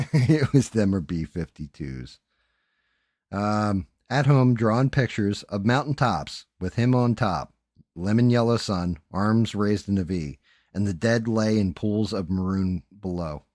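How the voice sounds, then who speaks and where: Chatting casually on a live stream as he paints 3D prints, a man swears freely and frequently leaves sentences unfinished. His fairly low voice is animated, a little slow and slightly mellow, captured in a dry, studio-quality recording.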